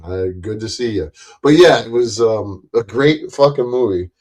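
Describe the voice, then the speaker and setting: A man's voice: mid-range voice, lively intonation, normal speed, darkish tone. A middle-aged man hosting a casual livestream, rambling, joking crudely and laughing often. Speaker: livestream host.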